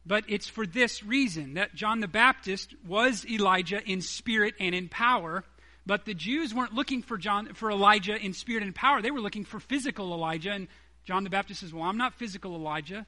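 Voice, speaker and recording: Bright-voiced preacher man, high and emphatic. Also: brisk. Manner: emphatic, acts out quoted dialogue. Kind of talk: sermon.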